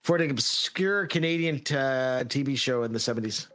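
A man's voice: medium pitch, moderate pace, fairly bright tone. A man co-hosting a podcast, casually sharing trivia with fillers and restarts. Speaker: podcast co-host. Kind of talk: casual watch-along chat.

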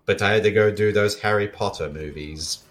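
A man doing a low, sardonic impression of a haughty British actor. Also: normal speed, natural voice.

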